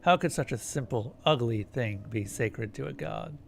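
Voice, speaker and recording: A man's voice: medium pitch, expressive, moderate pace, gravelly, a little hiss or hum. Man reading game text aloud. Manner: narrates descriptively, then casual asides. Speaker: streamer.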